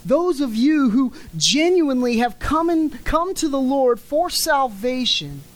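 A woman's voice: high-pitched, expressive, poor audio. A woman preaching a sermon in an emphatic way, stretching key words and letting her lines fall at the end. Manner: emphatic, drawn-out words with falling endings.

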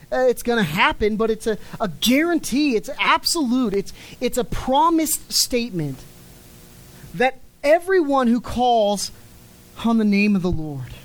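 This rough recording captures a woman on the high side delivering a forceful sermon. Key words are stretched, and her lines descend as they finish.

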